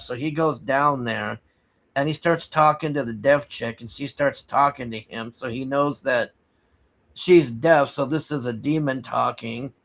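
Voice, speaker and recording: A man casually recapping a movie plot, rambling and halting with many restarts, sighing in exasperation. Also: mid-range voice, a bit bright. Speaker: movie reviewer.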